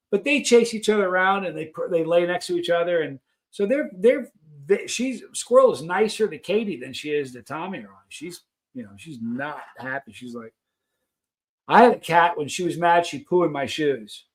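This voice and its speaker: Chatty man hosting a live stream. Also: on the high side. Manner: rambling, chatty, reads viewer comments aloud. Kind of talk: casual live stream chat.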